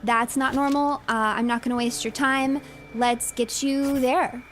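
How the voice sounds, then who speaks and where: A woman streaming a horror game, reacting in an animated, exasperated way and reading its dialogue aloud. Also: high-pitched, a little slow, a little hiss or hum. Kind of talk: live game commentary.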